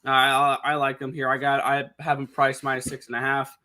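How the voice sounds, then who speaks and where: A man co-hosting a sports betting show, talking quickly through point spreads and picks with frequent restarts. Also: mid-range voice, monotone, pushed and bright. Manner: fast, number-heavy with frequent restarts. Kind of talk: casual picks talk.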